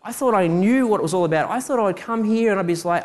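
A man's voice: high-pitched, animated, fast talker. A young man preaching a sermon, telling personal stories and asking rhetorical questions. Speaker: preacher giving a testimony.

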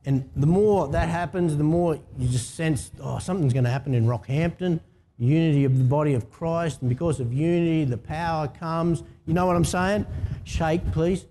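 A pastor with an Australian accent preaches casually at normal speed, his mellow voice sitting on the high side. He chats his way through the sermon and asks the congregation for replies, with slight background noise present.

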